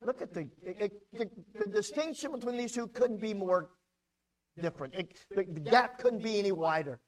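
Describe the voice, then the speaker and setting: Man pastor preaching a sermon, kinda high voice, gets emphatic. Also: expressive, normal speed, rough recording.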